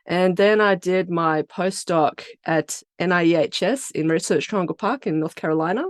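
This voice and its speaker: A woman's voice: on the low side, moderate pace, dry recording. Australian woman explaining at a dry mic. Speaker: biotech company founder and CEO. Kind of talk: podcast interview answers.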